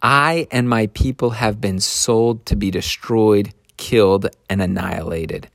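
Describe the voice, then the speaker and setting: A man voicing an earnest queen, speaking in a hushed, solemn way. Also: fairly low pitch, a little slow, gravelly, dry recording, studio quality. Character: grave adult queen, quiet and earnest.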